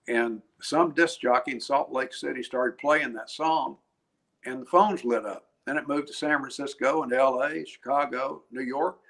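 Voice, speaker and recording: Older man telling chatty stories. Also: mid-range voice. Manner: chatty, animated, laughs, frequent restarts. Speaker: guest musician. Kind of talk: anecdotal interview storytelling.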